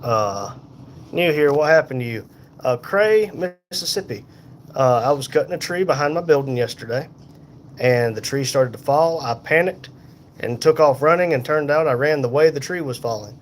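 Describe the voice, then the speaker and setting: Tired and in pain, a man hosts a casual livestream on his phone from a hospital room, reading viewer comments aloud in an unhurried, folksy manner. His mid-range voice is animated, with slight background noise.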